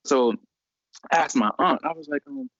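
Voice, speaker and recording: A man's voice: fairly high pitch, normal speed, gravelly, dry recording. A young man in college telling a story casually, acting out the other people's voices. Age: young adult. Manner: animated, acts out voices in quotes. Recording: dry, dull lo-fi recording.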